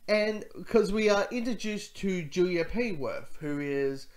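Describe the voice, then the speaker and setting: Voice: medium pitch, expressive, unhurried. A reviewer talking through a TV episode in a casual video review, rambling with many restarts and self-corrections.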